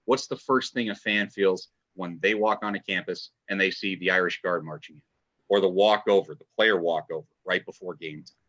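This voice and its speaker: A man's voice: deep voice, moderate pace, fairly bright tone. A man speaking as a podcast guest, chatting enthusiastically and rambling with restarts. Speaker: podcast guest, fan writer. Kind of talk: casual podcast chat. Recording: dull lo-fi audio.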